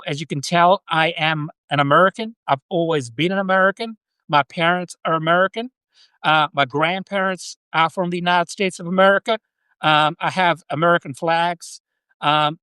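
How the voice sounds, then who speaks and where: A man's voice: a little high, bright, forceful tone, smooth, no echo. An Australian man doing a put-on American accent that sounds Southern, playing a patriotic American, hesitant with fillers. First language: Australian English. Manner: hesitant, repeats "um", slightly slow.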